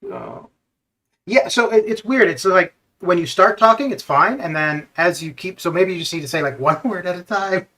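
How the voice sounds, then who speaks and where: A man's voice: sits high, animated, moderate pace, pushed and bright. A man streaming a game and chatting over voice chat, rambling with frequent laughs and restarts. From Canada. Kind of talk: casual chat. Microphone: voice chat over Discord.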